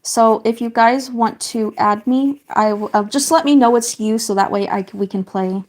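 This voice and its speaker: A woman's voice: a little high, normal speed. A young woman chatting casually on a live stream while colouring, greeting viewers and reading out their comments with lots of fillers. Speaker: livestreamer.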